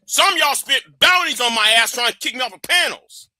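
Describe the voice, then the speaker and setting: A man hosting a live stream, ranting in a heated, profane way that keeps rising into shouts. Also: very high-pitched, expressive, fairly quick, no echo, clean studio sound. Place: warm indoor room with a fan.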